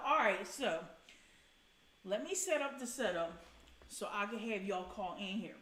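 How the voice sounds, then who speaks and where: A woman's voice: medium pitch, expressive, measured pace, long pauses, a bit bright, echoey room. Profane, blunt woman hosting a livestream. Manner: blunt, profane, chatty, greets viewers by name. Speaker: livestream host. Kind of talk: casual live-stream commentary.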